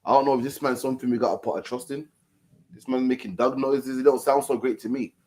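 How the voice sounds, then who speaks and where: A man's voice: medium pitch, fairly even intonation, quick pace, darkish tone. A man preaching in casual street commentary, repeating himself and often ending lines with "man". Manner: preachy, repeats "man" at line ends, mocking mimicry.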